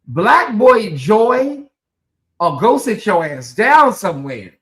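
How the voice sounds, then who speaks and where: A sassy live commentary host who chats straight to viewers like old friends, tossing in "honey" and "girl." The voice sits at a middling pitch, jumping up for loud exclaims and dropping low for quick asides, all in a gossipy, animated delivery. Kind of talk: live reaction commentary, reading chat comments.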